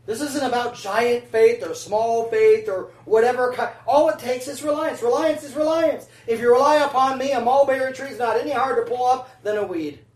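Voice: medium pitch, moderate pace, hardly any pauses, darkish tone. A preacher giving a sermon in a chatty, conversational way, often checking in with the congregation with "right?" and "amen?". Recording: roomy sound from a distant mic.

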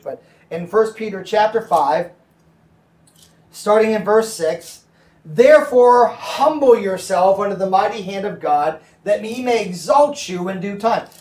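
Brief: male pastor, high voice, conversational Bible teaching, echoey room mic at a distance. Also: darkish tone. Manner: conversational, checks in with the audience.

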